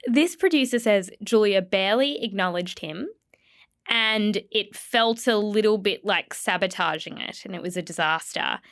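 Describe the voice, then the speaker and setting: A woman's voice: medium pitch, normal speed, fairly bright tone, dry recording, clean studio sound. A woman hosting a podcast, playfully retelling celebrity gossip in casual chat. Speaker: podcast host.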